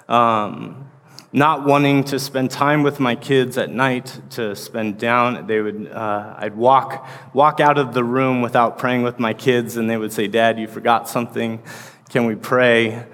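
A man in his thirties serving as associate pastor preaches in a mid-range, slightly bright voice. His sermon wanders casually and is full of fillers, recorded in a church sanctuary with a large hall's long reverb.

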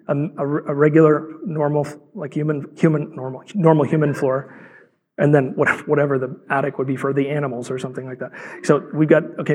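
A man's voice: a little high, husky. A man in his thirties preaching a sermon as a pastor, telling a story and acting out the voices in it. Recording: long hall reverb.

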